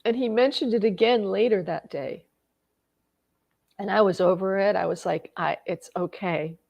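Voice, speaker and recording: Gravelly woman telling an emotional story. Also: mid-range voice, steady tone, moderate pace, lo-fi sound. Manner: emotional, tearful at times, many restarts. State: tearing up. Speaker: personal growth vlogger. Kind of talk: personal storytelling.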